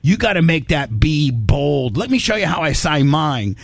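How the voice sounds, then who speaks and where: A man's voice: fairly high pitch, sing-song, moderate pace, creaky, dry recording. A man hosting a radio show, rambling and stammering as he reminisces on a call. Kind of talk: emotional radio phone conversation.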